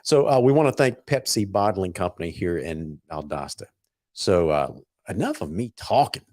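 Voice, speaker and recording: Wired, excitable man hosting. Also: sits low, dry recording, clean studio sound. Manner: excitable, hurried, trips over words. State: wired on caffeine. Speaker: host. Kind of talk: casual talk-show hosting with sponsor reads.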